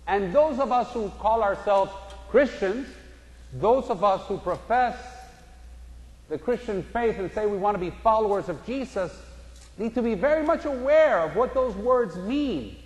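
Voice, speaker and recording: A man delivers a sermon from the pulpit with a high voice. He tells stories and slips into the voices of the people in them. His voice rings out through a large church with a long echo. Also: animated, moderate pace, darkish tone. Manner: storytelling preacher, acts out voices in anecdotes. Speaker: pastor. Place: church sanctuary. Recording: echoey church hall.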